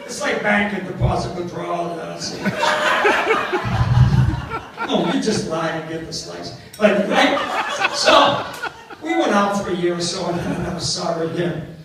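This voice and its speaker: A man's voice: high voice, very animated, measured pace, long pauses. An older man, joking and rambling through self-mocking stories for a party crowd. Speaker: party entertainer. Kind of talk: comic storytelling to a live party. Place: party hall. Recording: echoey hall from far off, noisy.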